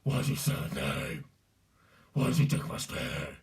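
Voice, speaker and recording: A man voicing a grim masked male vigilante with a gravelly, throaty growl. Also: very deep voice, sing-song, normal speed, far from the mic, voice pushed down, exaggerated voice. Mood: menacing.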